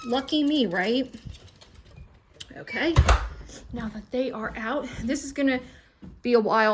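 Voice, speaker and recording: A chatty young woman with a slightly high voice, talking at home and clearly thrilled about her cheap finds. She sounds a little winded, and a faint hiss sits under her voice. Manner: chatty and excited about bargains. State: a little out of breath. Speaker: vlogger. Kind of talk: casual grocery haul chat. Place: at home, kitchen.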